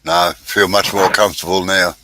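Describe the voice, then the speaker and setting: A man hosting a casual live stream chat, easygoing and quick to laugh, talking over a video call. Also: low voice, steady tone, sharp tone, a little hiss or hum.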